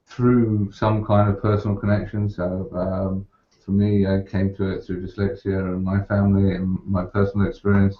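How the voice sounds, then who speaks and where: A middle-aged man with a low voice hosts a casual interview, his questions unhurried and level in pitch. His audio comes through a muffled online call line with a roomy echo. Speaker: host.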